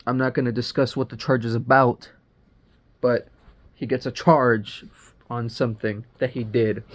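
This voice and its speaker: Young man rambling through a profane movie recap. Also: mid-range voice. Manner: rambling, profane and slangy, full of fillers. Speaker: movie reviewer. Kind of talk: casual spoiler recap.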